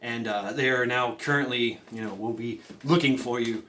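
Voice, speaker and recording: Speaking at a moderate pace in a mid-range voice, this man rambles through a comedy monologue of mock-serious survival tips. As a comedy vlogger, he stammers, restarts, leans on fillers and slips in deadpan conspiracy talk.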